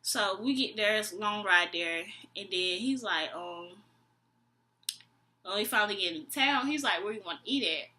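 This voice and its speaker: A woman's voice: mid-range voice, measured pace. Exasperated young woman telling a story. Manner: animated, acts out both sides of the dialogue; slangy, dry and exasperated. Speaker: vlogger. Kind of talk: storytime vlog.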